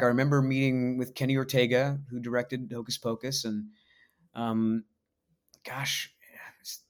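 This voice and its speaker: A man in his forties from the United States, a voice actor telling stories in a casual interview, laid-back and halting, self-deprecating. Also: medium pitch. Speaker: voice actor guest.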